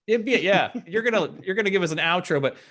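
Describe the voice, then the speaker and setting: A man's voice: sits high, expressive, fast talker, a bit bright. A middle-aged man hosting a live video panel, talking earnestly and casually like a devoted fan. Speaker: host. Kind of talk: casual panel chat, wrapping up the show. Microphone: video call.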